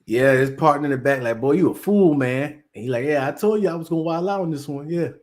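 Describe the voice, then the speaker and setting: A man hosts casual commentary in a fairly high voice at a quick pace. He rambles in slang, telling stories and acting out quotes from the people he discusses.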